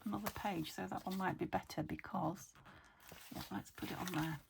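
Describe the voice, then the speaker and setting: A woman's voice: fairly low pitch, steady tone, moderate pace, gravelly, noisy background. A woman casually chatting to herself as she works on a junk journal, thinking aloud and often slipping into a whisper. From United Kingdom. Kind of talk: casual crafting chat.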